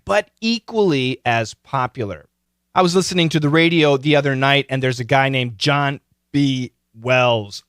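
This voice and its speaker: A man hosting a podcast, giving casual advice in an animated, explanatory way. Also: no room sound, clean studio sound. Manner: animated, explanatory, pitch leaping on key words. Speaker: podcast host.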